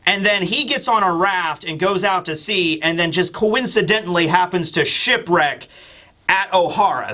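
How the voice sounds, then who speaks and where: A man's voice: high-pitched, sharp tone. A man reviewing a comic chapter in casual chat, rambling and thinking aloud with many fillers. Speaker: anime and manga reviewer.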